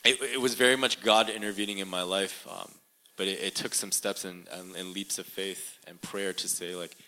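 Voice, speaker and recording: A young man sharing a personal testimony in an interview, earnest and halting, full of fillers and restarts, in a room with a live audience. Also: deep voice, fairly even intonation, sharp tone, poor audio.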